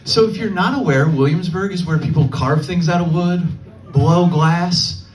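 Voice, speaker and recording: A young adult man performing a stand-up set, telling a story and quickly slipping into the voices of people he quotes. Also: high-pitched, faint music behind. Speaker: stand-up comedian. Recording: distant mic, faint room ambience.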